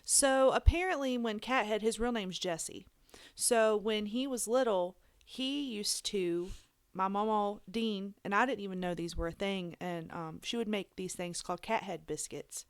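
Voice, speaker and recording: A woman tells rambling family stories in easy podcast chat. The sound is dry and close, with no room echo. She talks at a mid pitch in her thirties. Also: a little slow, clear, resonant tone. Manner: rambling, chatty storytelling. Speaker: podcast co-host. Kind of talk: casual chat.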